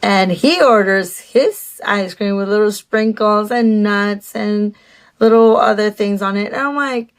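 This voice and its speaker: A woman's voice: mid-range voice, unhurried. A woman telling a casual storytime about a date, chatty and sarcastic, with lots of fillers and asides.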